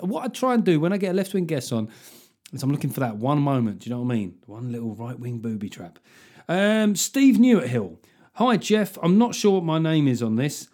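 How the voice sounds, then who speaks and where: A man's voice: on the high side, a little mellow. A man hosting a podcast, ranting comically with lots of swearing and sardonic asides while reading out listener reviews. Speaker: podcast host.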